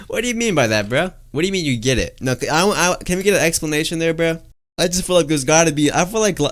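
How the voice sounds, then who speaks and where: Rambling young male streamer, smooth voice. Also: medium pitch, a bit bright. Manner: rambling, filler-heavy, says "guys" and "bro" often. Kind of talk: casual live-stream chat reading viewer messages.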